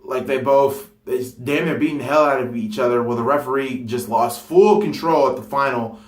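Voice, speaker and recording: A man's voice: mid-range voice, moderate pace. Guy rambling about wrestling plans, gets hyped, lots of ums and restarts, roomy echo. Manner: rambling, excitable, filler-heavy, self-correcting. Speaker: wrestling fantasy-booking vlogger. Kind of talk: casual unscripted monologue.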